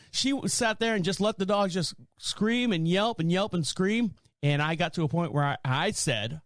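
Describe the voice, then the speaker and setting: A man hosts his podcast in a rambling, exasperated monologue, often circling back and restarting his sentences. His voice sits a little high for a man, and it comes across dry and close, with no room sound around it. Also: no room sound. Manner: exasperated storytelling with frequent restarts. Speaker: podcast host.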